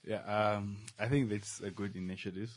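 A man appearing as an economist guest on a studio news show, answering in a hesitant, halting way. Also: fairly low pitch, steady tone, dry recording.

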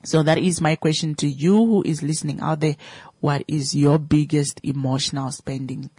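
A woman's voice: deep voice, steady tone, normal speed, dark tone, husky, dry recording. A woman radio host, talking casually to listeners with many fillers and questions.

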